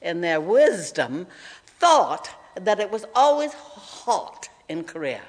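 Woman in her 90s, slow and emphatic, long hall reverb. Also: fairly low pitch, very animated. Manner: earnest, emphatic, repeats key figures slowly. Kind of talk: conversational interview.

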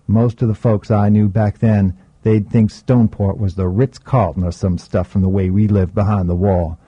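A man's voice: fairly low pitch, fairly even intonation, moderate pace, warm tone, slightly rough, no echo, dull audio. A man voicing a graying, streetwise older man who talks in a laid-back, teasing drawl. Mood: wry.

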